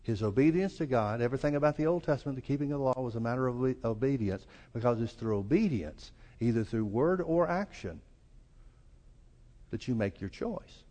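This man preaches as pastor with a Southern US accent, expressive and a little fast, his tone mellow. Folksy throughout, he lifts his pitch to act out quoted lines as a church hall's long reverb rings.

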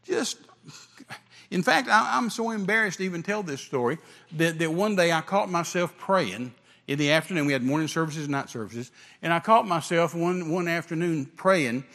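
A man's voice: a little high, lively intonation, normal speed, a bit bright. An older man, an evangelist preaching a sermon full of stories, emphatic and repetitive, with stammering restarts. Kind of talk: sermon storytelling. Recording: long reverb of a hall.

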